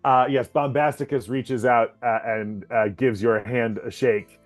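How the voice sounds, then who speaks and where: A man narrating as game master of a tabletop game, halting, with many fillers and frequent laughs. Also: medium pitch, fairly even intonation, soft background music.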